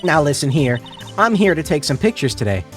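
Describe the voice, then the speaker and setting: Brash Southern photographer woman, voiced by a man: folksy drawl, loud, animated. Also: fairly high pitch, brisk, soft background music, voice pushed up. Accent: Southern US, put on.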